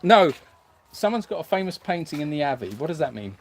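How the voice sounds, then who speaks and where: A man's voice: on the high side, sing-song, a little fast, slight background noise. A man hosting a sanctuary livestream, reading viewer comments aloud in a hesitant, self-mocking way with lots of fillers. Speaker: animal sanctuary host.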